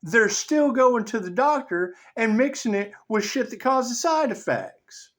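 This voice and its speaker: A man giving a rambling spiritual monologue as a tarot reader, swearing constantly, laughing often and swinging between loud outbursts and low mutters. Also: sing-song, unhurried.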